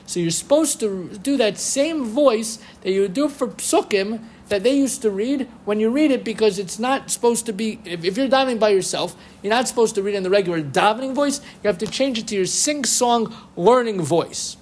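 A man giving a lively lecture on Jewish law, quoting rabbinic sources and chanting Hebrew phrases. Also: high-pitched, moderate pace, hardly any pauses, a little hiss or hum. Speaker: Torah teacher. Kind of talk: halachic lecture.

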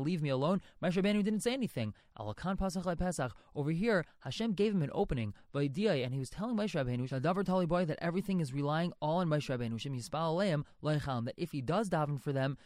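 A man's voice: fairly high pitch, a little mellow, dry recording, clean studio sound. A man teaching a religious text line by line, reading each phrase and then translating and explaining it. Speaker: Torah teacher.

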